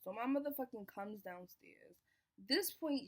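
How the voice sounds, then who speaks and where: A young woman telling a personal story in a casual storytime, animated and swearing, acting out what people said. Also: medium pitch, fairly quick. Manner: animated, swearing, acts out quoted lines. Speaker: vlogger.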